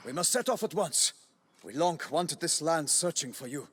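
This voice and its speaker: Brief: a solemn game knight, formal and measured, bright husky tone, long reverb tail. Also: male voice, fairly high pitch, expressive. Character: solemn formal knight man, duty-bound.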